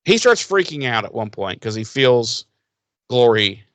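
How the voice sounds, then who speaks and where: A man's voice: mid-range voice, sing-song, a bit bright, no echo. Sarcastic, cursing male podcast host. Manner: sarcastic, profane, acts out characters in quick voices. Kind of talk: casual recap chat.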